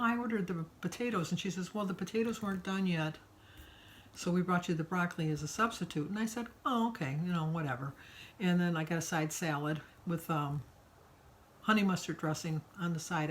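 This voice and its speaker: A woman's voice: lowish voice, fairly bright tone, a little hiss or hum, poor audio. Chatty older woman telling a story. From Michigan. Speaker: vlogger. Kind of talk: casual daily vlog.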